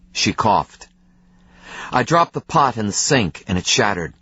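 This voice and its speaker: A man giving measured, tense first-person audiobook narration. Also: lowish voice, expressive, a bit bright, husky, no room sound, dull audio.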